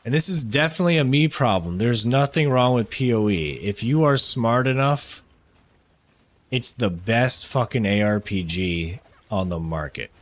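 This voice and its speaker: A man's voice: medium pitch, expressive, moderate pace. A man streaming a game, chatting casually with his viewers and friend, rambling and swearing, joking at his own expense. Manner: rambling, profane, self-deprecating. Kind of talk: casual gaming stream chat.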